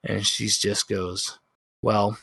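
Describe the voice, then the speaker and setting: A man narrating a tabletop role-playing session as game master, telling the story slowly and dramatically and voicing the characters' lines. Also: mid-range voice, fairly bright tone, slight background noise. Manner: slow, dramatic storytelling with voiced quotes.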